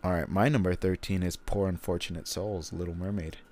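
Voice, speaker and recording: A young man chatting casually about favorite songs, profane and quick to laugh. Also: low-pitched. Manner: profane, laughs often, lively storytelling. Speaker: co-host. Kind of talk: casual chat.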